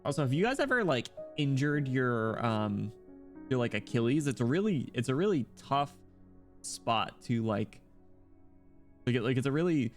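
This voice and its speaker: A man's voice: mid-range voice, very animated, moderate pace. A man streaming a game, chatting casually in a rambling, filler-heavy way. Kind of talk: casual game stream chat and reading game dialogue. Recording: faint music behind voice.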